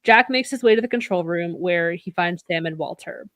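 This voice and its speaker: A woman's voice: lowish voice, moderate pace, fairly bright tone, no echo. A woman co-hosting a podcast, recapping an episode in casual chat, swearing freely and acting out the characters' lines. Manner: chatty, swears casually, acts out quoted lines. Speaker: podcast co-host.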